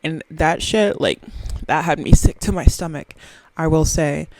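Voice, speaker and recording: A woman's voice: deep voice, a little slow, a little mellow, dry recording, poor audio. A woman, rambling through a profane, self-mocking solo podcast chat very close to the microphone. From Southern US. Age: 20s. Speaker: podcast host.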